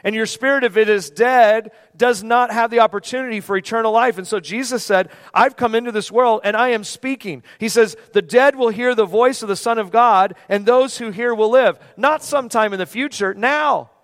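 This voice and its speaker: Pastor in his forties, high-pitched, conversational sermon delivery with emphatic swells, heard in a long church reverb. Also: moderate pace, hardly any pauses. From United States. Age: 40s. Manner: conversational, emphatic preaching with sudden drops to a hush. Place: church sanctuary.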